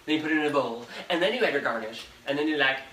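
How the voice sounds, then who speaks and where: A man's voice: a little high, rapid-fire. Chatty man hosting a live cooking show. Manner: chatty, rambling, talks straight to viewers. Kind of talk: casual live-stream cooking chat. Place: home kitchen. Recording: echoey kitchen with background noise. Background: fan noise.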